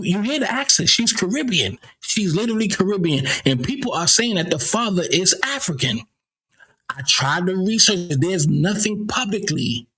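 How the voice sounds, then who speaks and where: A man's voice: a little high, sharp tone, husky. A man from the United States hosting a casual commentary show, blunt and profane, often stammering and repeating himself. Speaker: commentary channel host.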